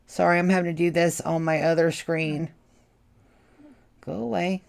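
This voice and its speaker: A woman running a tabletop horror game as game master, narrating gore in a slow, drawn-out way. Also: fairly low pitch, steady tone, creaky, clean tone.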